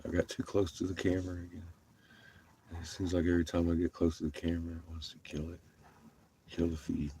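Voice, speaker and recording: A man's voice: low voice, monotone, brisk, long pauses, dark tone, slight background noise. A man livestreaming from his vehicle, chatting casually with viewers, laughing often and swearing freely.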